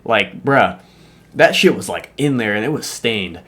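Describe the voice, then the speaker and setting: Animated young man telling a school story. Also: medium pitch, measured pace. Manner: animated, slangy and profane, with many fillers. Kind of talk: casual storytelling.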